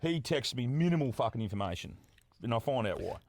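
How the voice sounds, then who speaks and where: A man's voice: medium pitch, sing-song, quick pace, darkish tone, no room sound. An Australian man, a podcast guest, telling a story in casual chat, swearing freely and laughing through it.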